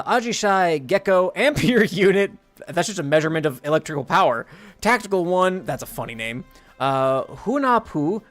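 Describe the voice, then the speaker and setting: Chatty male streamer, very expressive pitch, giggly, faint chiptune bed. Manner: chatty, animated, giggly, swears casually. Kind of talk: casual gameplay commentary.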